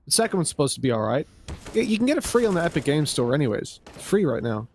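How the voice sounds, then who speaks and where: A man's voice: fairly high pitch, big pitch swings, fast, darkish tone, slight background noise. A man casting an esports match, rambling into joking asides between plays. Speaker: esports caster. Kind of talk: casual game commentary banter.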